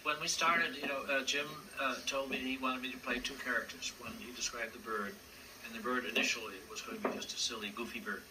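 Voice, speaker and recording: A man's voice: medium pitch, fairly even intonation, brisk. Man, puppeteer, interview storytelling, hesitant with fillers, distant mic, noticeable background noise. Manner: hesitant, frequent fillers, acts out voices in anecdotes.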